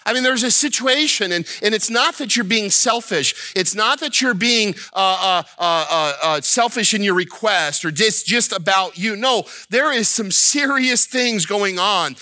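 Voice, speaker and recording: A man's voice: sits high, animated, a little slow, hardly any pauses, sharp tone, dry recording. A man preaching a sermon as a pastor, impassioned, repeating himself and rising to pleading cries. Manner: repeats words and restarts when worked up.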